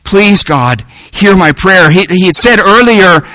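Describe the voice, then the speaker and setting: Bright-voiced earnest male preacher. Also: high voice, expressive, a little slow, dry recording, low-quality recording. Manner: earnest, repeats words as he builds a point. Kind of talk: sermon.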